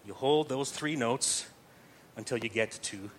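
A man's voice: mid-range voice, normal speed, long pauses, bright, forceful tone. A man patiently teaching how to chant a psalm, step by step, using plain comparisons. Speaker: chant instructor.

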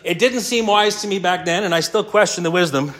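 A middle-aged man preaching a sermon, telling a story and moving between loud bursts and hushed asides. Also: high voice, brisk. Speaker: pastor.

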